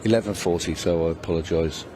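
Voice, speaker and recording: Former player as male pool co-commentator, low voice, laid-back, hum in the booth. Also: fairly even intonation, fast talker. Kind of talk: live sports commentary.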